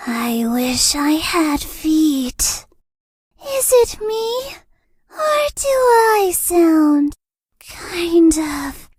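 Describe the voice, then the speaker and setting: A woman voicing a lonely, eerie ghost girl in a video game, speaking in breathy, drawn-out lines that slip into whispers. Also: sits high, darkish tone, dry recording, heavily acted. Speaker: voice actress.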